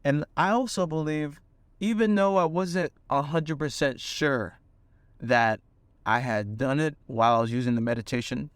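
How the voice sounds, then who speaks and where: A young man earnestly telling a personal story, with fillers and animated bursts. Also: a little high, moderate pace, clear, resonant tone, no echo. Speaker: manifestation coach.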